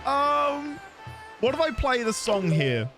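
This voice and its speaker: A man commentating live as he plays a video game, excitable and joking with his chat. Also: very high voice, takes it slowly. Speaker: streamer. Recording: game music behind.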